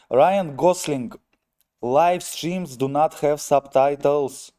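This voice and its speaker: A man with a Russian accent, a native Russian speaker, chatting on his live stream in a wry, self-mocking way and calling his viewers "ladies and gentlemen". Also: a little high, takes it slowly. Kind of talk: casual live-stream chat, reading viewer comments.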